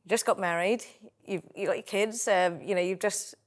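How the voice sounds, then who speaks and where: A woman interviewing a guest, asking gentle questions with frequent "um" and "you know". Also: mid-range voice, steady tone, normal speed.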